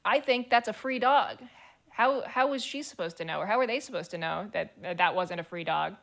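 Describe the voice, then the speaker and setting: A woman's voice: medium pitch, animated, a little fast, gravelly, fairly bright tone. A woman streamer chatting casually and reading forum posts aloud, blunt, swearing freely and laughing as she talks.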